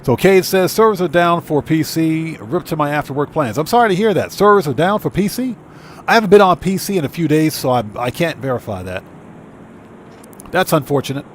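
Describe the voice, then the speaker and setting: A man's voice: fairly high pitch, brisk, a little hiss or hum. Brash, trash-talking male game streamer. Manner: brash trash talk to rival players; energetic shout-outs greeting chat members. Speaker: livestream host. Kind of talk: live gameplay commentary.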